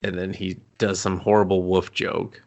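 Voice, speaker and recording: A man's voice: deep voice, little pitch movement, normal speed. A man co-hosting a movie podcast, retelling scenes in casual chat with mocking voices, swearing and laughing. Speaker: podcast co-host.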